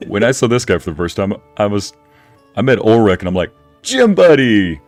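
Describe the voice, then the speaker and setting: A man's voice: fairly low pitch, fast talker, no echo, faint music behind. A man streaming a farming game, chatting casually and joking with his viewers and a friend. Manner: joking, animated, talks to chat.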